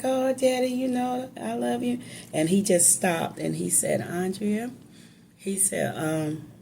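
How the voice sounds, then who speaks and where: A woman's voice: fairly low pitch, gravelly, mellow, a little hiss or hum. A woman telling an emotional personal story in a casual, conversational, emphatic way.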